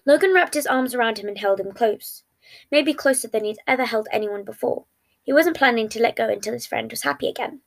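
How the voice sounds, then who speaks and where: A woman narrating a fan fiction story in a soft, even reading manner with small slips. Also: a little high, fairly quick, vocal fry.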